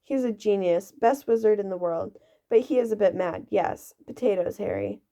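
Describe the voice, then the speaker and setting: A woman's voice: medium pitch, normal speed, creaky, warm tone, natural voice. A woman reading a pompous, airy teenage boy prefect, on a dull lo-fi recording.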